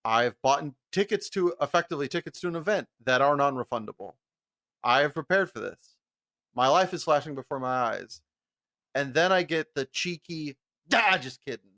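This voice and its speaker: A young podcast co-host tells a profane, animated story in casual chat, laughing along the way and hopping energetically between tones. His voice is a bit higher than most men's, and his pace is moderate.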